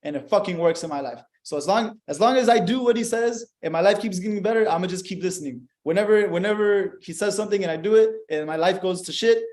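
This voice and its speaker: Blunt, cussing young man, slightly high voice. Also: fast, hardly any pauses. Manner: blunt, heavy swearing, animated. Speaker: podcast host. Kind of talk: casual podcast chat.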